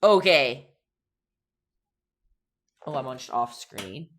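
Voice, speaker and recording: Brief: young woman, low voice, playful live-stream painting teacher, chatty with her viewers. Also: sing-song, slow pace. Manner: chatty and playful, reads out chat, giggles often.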